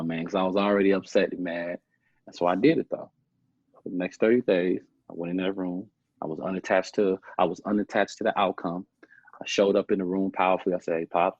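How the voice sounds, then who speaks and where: A man's voice: low voice, no echo. A young man from Chicago, a podcast guest, telling his life story in a rambling, casual way, repeating himself and often saying "man". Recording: muffled lo-fi podcast audio.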